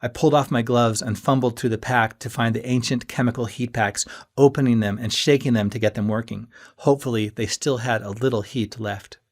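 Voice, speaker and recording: A man reading a first-person audiobook in a steady storytelling manner that rises with moments of tension. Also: medium pitch, brisk, few pauses. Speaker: audiobook narrator.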